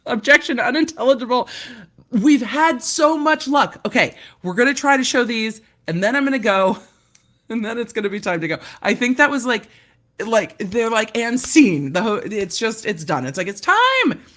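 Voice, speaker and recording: A woman's voice: on the high side, sing-song, normal speed, a bit bright. A woman legal commentator chatting casually on a live stream from a hotel room, laughing and joking at her own mishaps. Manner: chatty, laughing, self-deprecating.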